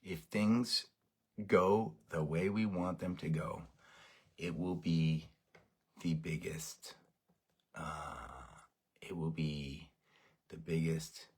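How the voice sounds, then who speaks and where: A man leading a band, giving fans a rambling, excited update while overtired. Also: very deep voice, slow, long pauses, breathy edge. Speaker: bandleader addressing fans. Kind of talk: casual fan update.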